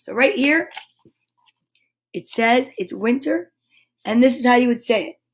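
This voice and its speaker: A woman reading a children's picture book aloud, animated and chatty, breaking off for little asides to her listeners. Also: a little high, a little slow.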